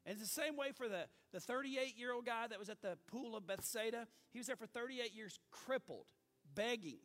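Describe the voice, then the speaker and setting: A middle-aged man preaching as pastor, folksy and animated, asking the congregation for amens. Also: very high-pitched, fairly quick. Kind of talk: sermon.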